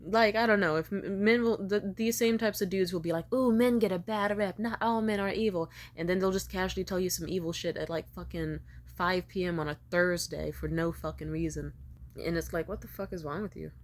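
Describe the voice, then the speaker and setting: A woman's voice: fairly low pitch, steady tone, a little fast. A young woman telling a storytime rant to camera in a casual, profane and sarcastic way. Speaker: vlogger.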